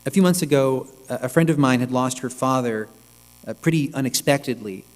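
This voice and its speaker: A male rabbi giving a reflective, measured sermon, with pauses, in a synagogue sanctuary. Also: mid-range voice. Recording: long reverb with mains hum.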